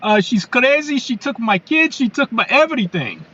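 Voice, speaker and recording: A man voicing an agitated older European father who speaks in broken English with a thick European accent and warns in a frantic, halting way. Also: very high-pitched, lively intonation, pushed and bright, highs cut off, pitched above the performer's own voice, heavily acted.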